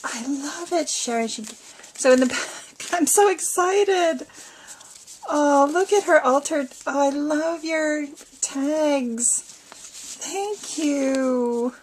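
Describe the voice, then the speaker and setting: A woman's voice: high voice, very slow, a little hiss or hum. A woman chatting casually as she unboxes a craft swap, gushing with frequent exclamations. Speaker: crafting vlogger.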